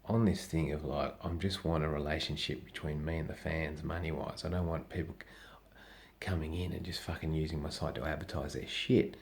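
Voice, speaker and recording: Middle-aged aussie bloke ranting, swears every other word, really low gravelly voice. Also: male voice. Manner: swears constantly, rambling and blunt. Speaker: comedian vlogger. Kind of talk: profane casual rant.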